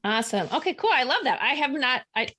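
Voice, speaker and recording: A woman's voice: high voice, big pitch swings, quick pace, bright, forceful tone. A woman hosting a podcast, chatting casually over a remote call with many fillers and easy laughter. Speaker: podcast host. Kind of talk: casual interview chat and show outro.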